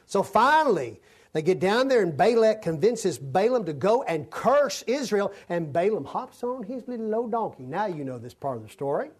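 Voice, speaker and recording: A male preacher gives an expository sermon, reading scripture aloud and slipping into folksy, conversational asides as he teaches the Bible. His voice is a little high with a darkish tone.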